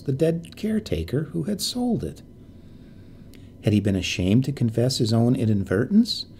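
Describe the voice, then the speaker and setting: Male storybook narrator, gravelly and lively in pitch, measured and hushed suspense. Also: slight background noise.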